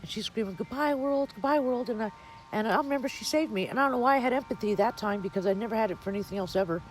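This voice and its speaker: Fast, lively woman telling a family story. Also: medium pitch, slight background noise, rough recording. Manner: lively, acts out quotes, swears casually. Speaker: interviewee, family member. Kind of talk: animated storytelling.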